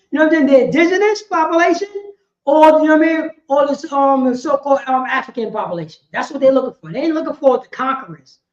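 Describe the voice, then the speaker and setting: A high-voiced woman teaches a class in a loose, animated street style, always checking in with her listeners. The sound is roomy and echoey, and the recording is dull and lo-fi. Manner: animated, slangy, frequent "you know what I mean". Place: indoor meeting hall. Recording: echoey, dull lo-fi room audio.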